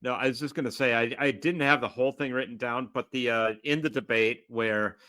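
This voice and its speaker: An easygoing man with a mid-pitched voice chats casually on a film podcast, chuckling often as he recalls lines. The recording is dry and close. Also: steady tone, a little fast, bright, forceful tone, no echo. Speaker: podcast co-host. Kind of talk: casual chat.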